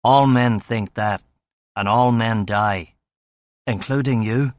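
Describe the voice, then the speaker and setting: A man's voice: fairly low pitch, slow, no echo, clean studio sound. A man doing a contemptuous American enforcer. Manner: hard, contemptuous delivery.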